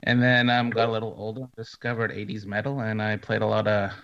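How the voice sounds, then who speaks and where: A man chatting casually as a co-host, relaxed and hesitant with fillers. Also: lowish voice, brisk, gravelly. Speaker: co-host, paranormal investigator. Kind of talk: casual chat. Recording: dull lo-fi audio.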